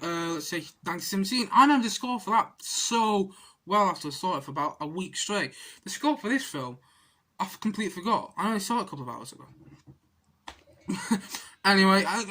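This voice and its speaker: A woman's voice: medium pitch, fairly bright tone. A woman giving a casual, rambling film review, full of restarts and exasperated outbursts. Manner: rambling, frequent restarts, swings into exasperated rants.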